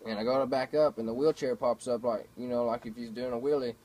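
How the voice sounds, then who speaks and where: A man's voice: mid-range voice, fairly even intonation, fast, a little mellow, low-quality recording. A man talking casually to a camera at home, telling rambling everyday stories with lots of fillers and swearing. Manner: laid-back, profane, storytelling with many fillers. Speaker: vlogger. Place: home, indoors.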